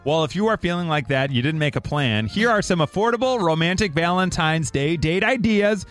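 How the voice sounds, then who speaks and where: Lively, animated male radio host. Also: a little high, soft background music. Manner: animated, jokey, quick to laugh. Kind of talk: morning radio banter.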